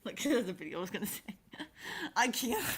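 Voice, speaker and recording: A woman's voice: fairly high pitch, sing-song, moderate pace, slightly rough. A woman hosting a casual stream, talking in a giggly, rambling, self-deprecating way, with a lisp. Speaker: streamer host.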